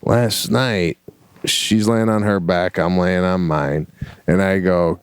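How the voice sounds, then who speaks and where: A middle-aged man co-hosting a podcast, telling stories in a casual, animated, slangy way. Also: low voice, takes it slowly, clean tone, dry recording. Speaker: podcast co-host. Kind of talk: casual chat.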